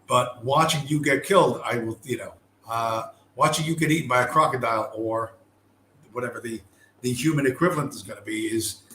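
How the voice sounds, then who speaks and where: A man's voice: mid-range voice, brisk, pushed and bright. Man, angry monologue, swears constantly, contemptuous, echoey room, faint hum. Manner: aggressive, contemptuous, swears heavily. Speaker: commentator. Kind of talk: profane ranting monologue.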